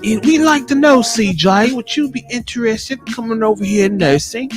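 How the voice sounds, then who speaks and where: Chirpy male English recruiter on a cold call, put on by a man, high and salesy, mock English accent. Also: moderate pace, faint music behind.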